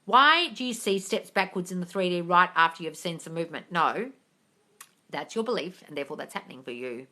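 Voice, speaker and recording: A woman's voice: fairly low pitch, fairly quick. A young adult woman hosting a casual live question-and-answer stream, blunt and sweary, calling her viewers darling. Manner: animated, jumps into loud excited bursts.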